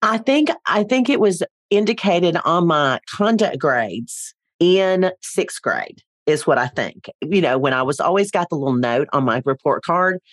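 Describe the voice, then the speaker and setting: A woman's voice: lowish voice, expressive, a little slow, hardly any pauses, dry recording. A middle-aged woman, a speaker coach, chatting as a guest and telling stories with playful asides. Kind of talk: casual interview.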